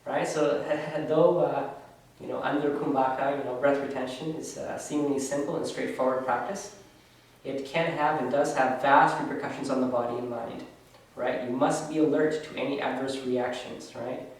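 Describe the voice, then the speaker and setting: A man's voice: mid-range voice, fairly even intonation, moderate pace. A man teaching a yoga class in a loose, conversational way, often tagging his sentences with "right?". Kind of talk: casual spoken class instruction. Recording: very echoey room, voice from far off.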